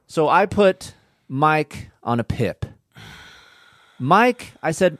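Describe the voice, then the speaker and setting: A man's voice: a little high, lively intonation, slow pace, pauses often, dry recording, studio quality. A middle-aged man hosting a casual podcast chat, blunt and teasing, with plenty of swearing. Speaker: podcast host. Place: studio.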